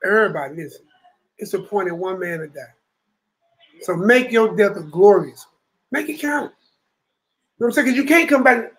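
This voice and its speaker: A man's voice: sits high, fairly quick, long pauses, fairly bright tone, low-quality recording. A man teaching a Bible study to a room of brothers, preaching emphatically and often asking "you know what I'm saying?".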